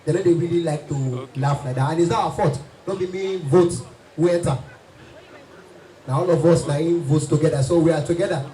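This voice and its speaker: A man with a Nigerian accent doing stand-up comedy at a party, lively and playful, switching into many voices. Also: on the high side, fairly quick. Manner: lively, does many voices and sing-song bits. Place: event hall. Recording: echoey hall from far off, music behind.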